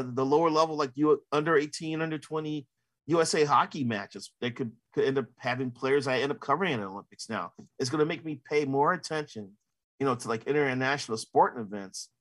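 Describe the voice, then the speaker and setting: A man's voice: mid-range voice, fairly bright tone. A man in his fifties, a sportswriter, answering interview questions in a casual, rambling way full of "you know" fillers.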